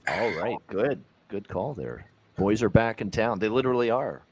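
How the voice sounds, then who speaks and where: A man co-hosting a live betting stream, relaxed and casual, recapping plays and assists. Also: on the low side, moderate pace, slight background noise. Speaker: betting show co-host.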